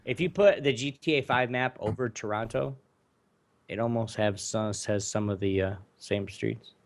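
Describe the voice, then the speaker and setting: A man's voice: on the low side, normal speed. A man co-hosting a casual podcast, chatting and teasing the guests. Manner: joking, teasing. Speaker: podcast co-host.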